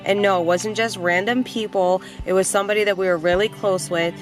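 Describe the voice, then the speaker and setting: A young adult woman vlogger telling a personal story in a casual, animated way, blunt and quick to swear. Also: mid-range voice, over music.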